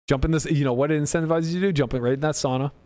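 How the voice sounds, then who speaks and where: A man's voice: fairly high pitch, steady tone, racing, darkish tone. A young man in casual chat, swearing and teasing his housemates.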